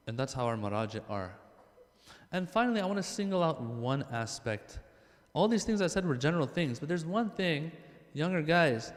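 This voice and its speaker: A man giving a conversational sermon to a congregation in a lively, joking way, speaking straight to his listeners. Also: medium pitch. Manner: lively, joking, addresses the crowd directly. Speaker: religious speaker. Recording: long hall reverb.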